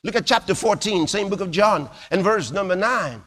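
A man preaching a sermon, telling stories dramatically with sudden loud bursts and hushed drops. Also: sits high, lively intonation, normal speed, over loud music.

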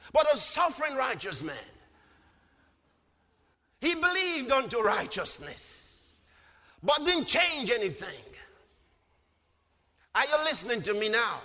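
A man preaching a sermon emphatically, often rising to shouts and dropping low on repeated refrains. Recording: long hall reverb.

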